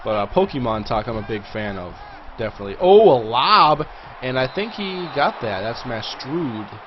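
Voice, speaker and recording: A man hosting a livestream, chatting casually through live gameplay commentary and reacting loudly to big plays. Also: lowish voice, expressive, normal speed, lo-fi sound, background noise. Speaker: livestream host.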